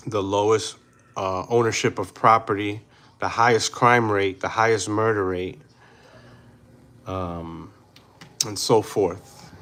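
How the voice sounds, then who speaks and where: Slow, blunt man in his forties. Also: on the low side, fairly bright tone. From New York City. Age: 40s. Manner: blunt, unhurried, slips into Spanish phrases. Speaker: livestream host. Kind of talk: casual livestream commentary reading chat.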